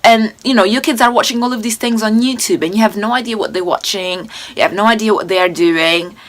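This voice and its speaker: A young woman in her twenties talks through a reaction video in a loose, casual way. She sounds indignant and animated, circling back and restarting her sentences. Her voice sits at an ordinary middle pitch for a woman. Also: a little fast. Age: 20s.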